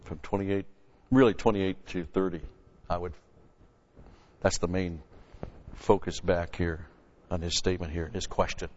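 Low-voiced guy preaching, punches words then drops quiet, lo-fi church hall echo. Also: fairly even intonation, unhurried, long pauses. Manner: emphatic, swings between loud stresses and quiet asides. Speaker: pastor. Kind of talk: expository sermon. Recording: lo-fi recording with long hall reverb.

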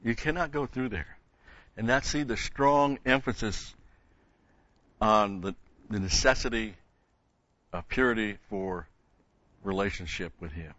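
A man's voice: fairly low pitch, unhurried, pauses often, fairly bright tone, no echo. A man delivering an expository sermon as a Bible teacher, stressing points by repeating key words. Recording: dull, dry lo-fi recording.

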